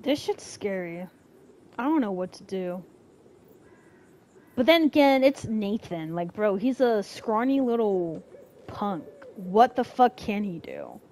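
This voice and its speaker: Cussing woman gamer, slow and lively. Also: medium pitch, slight background noise. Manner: swears freely, reacts emotionally, slangy. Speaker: gaming streamer. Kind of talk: let's play commentary.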